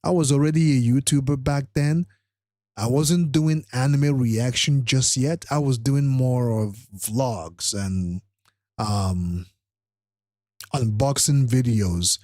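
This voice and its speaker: A weary man chatting on a live stream, his words slow and drawn out, full of ums and restarts. He sounds tired, like he can barely keep his eyes open. The sound is dry and close, with no room echo. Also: mid-range voice, warm tone. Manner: rambling, with frequent fillers and restarts. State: tired, struggling to stay awake. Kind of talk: casual live-stream chat.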